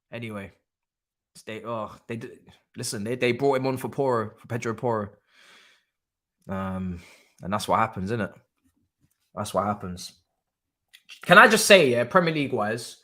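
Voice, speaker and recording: A young man hosting a live football watch-along, talking excitably, repeating himself and swearing freely. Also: medium pitch. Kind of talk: live stream reaction commentary.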